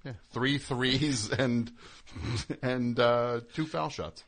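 A man's voice: mid-range voice, extremely slow. A man hosting a call-in comedy radio show, bantering casually and slipping into exaggerated impressions. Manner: animated, jokey, slips into exaggerated impressions.

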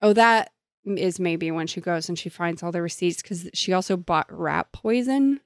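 A woman's voice: fairly low pitch, normal speed, no room sound, clean studio sound. A woman in casual chat about a book, retelling scenes and quoting the characters. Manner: chatty, laughs easily, quotes characters. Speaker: co-host discussing a book. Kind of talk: casual chat recapping a plot.

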